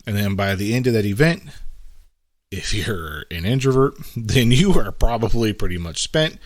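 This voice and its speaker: A middle-aged man hosts a podcast, his lowish voice animated and moderately paced in studio-quality audio with no room sound. He talks in a casual, reflective, conversational monologue, often asking "right?" and acting out quotes.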